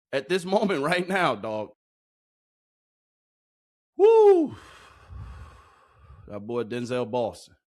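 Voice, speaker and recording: A high-voiced man whose pitch swings wildly as he hypes up game clips. He is loud and slangy, talking straight into his microphone as a sports video host. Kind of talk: hyped commentary over game clips.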